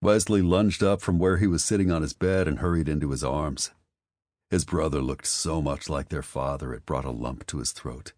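A man narrating an audiobook in a measured, steady way. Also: a bass voice, no echo. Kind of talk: scripted narration.

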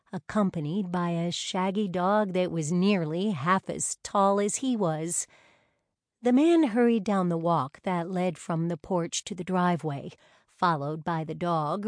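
Slow, low-voiced woman reading a novel. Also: a little mellow, no room sound, clean studio sound. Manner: measured, unhurried reading. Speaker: audiobook narrator. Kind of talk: scripted narration.

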